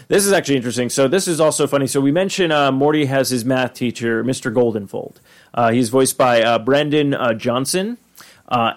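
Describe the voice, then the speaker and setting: Rambling podcast host, medium voice. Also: male voice, medium pitch, gravelly. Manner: rambling, many fillers and restarts. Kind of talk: casual episode recap.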